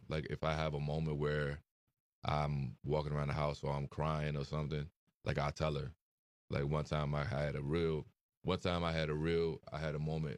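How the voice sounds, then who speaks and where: A young man speaking as an interview guest, soft-spoken and hesitant, with many fillers. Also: a bass voice, no echo. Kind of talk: emotional interview conversation.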